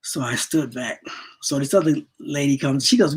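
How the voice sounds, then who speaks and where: A woman's voice: deep voice, sing-song, normal speed, slightly rough. A middle-aged woman telling a personal spiritual story in a rambling way, repeating words and acting out the voices she quotes. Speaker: speaker sharing a spiritual lesson.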